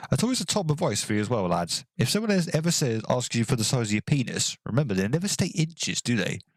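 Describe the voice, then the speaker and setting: A man casually joking and rambling while commentating on a building game, sometimes counting quietly under his breath. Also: medium pitch, sing-song, fast talker, no echo, studio quality. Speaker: gaming channel host.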